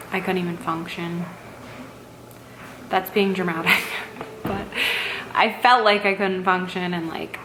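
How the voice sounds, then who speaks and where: A woman's voice: on the low side, background noise. A young pregnant woman chatting casually in a vlog, rambling and self-deprecating. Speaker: vlogger.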